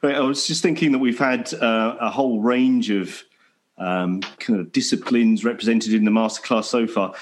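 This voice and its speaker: A man hosting a podcast interview, speaking in a friendly, measured way with some ums and restarts. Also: medium pitch. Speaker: podcast host.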